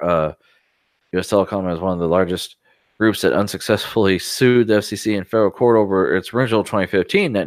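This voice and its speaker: Low-voiced man reading tech news. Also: no echo, studio quality. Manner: sarcastic asides between read passages. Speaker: podcast co-host. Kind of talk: casual chat, reading news articles aloud.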